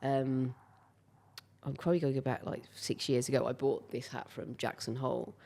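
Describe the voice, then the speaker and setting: A woman hosting a podcast, telling rambling, animated anecdotes in a conversational interview. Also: very deep voice, moderate pace, creaky. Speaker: podcast host.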